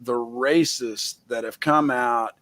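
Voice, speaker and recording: A man's voice: mid-range voice, fairly even intonation, slow pace, fairly bright tone. A man hosting a casual chat who rants bluntly and swears freely. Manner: blunt, profane, heated ranting. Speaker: host.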